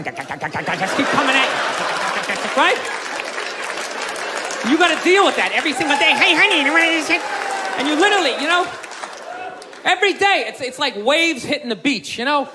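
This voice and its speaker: A man doing stand-up comedy, ranting loudly and exasperated, often shouting and swearing. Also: sits high. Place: live comedy club stage. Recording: live club set with loud crowd laughter and noise.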